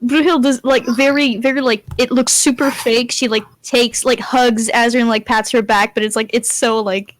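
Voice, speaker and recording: Animated woman playing a tabletop game. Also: fairly high pitch, normal speed, hardly any pauses, dry recording, low-quality recording. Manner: animated, joking, swearing. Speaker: player.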